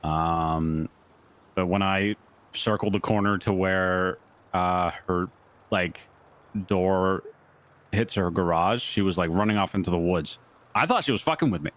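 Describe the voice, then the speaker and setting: A man's voice: low voice, measured pace, long pauses, a bit bright. A man in a roleplay game, recounting events in a rambling way full of fillers. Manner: rambling, lots of likes and uhs. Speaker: roleplay player.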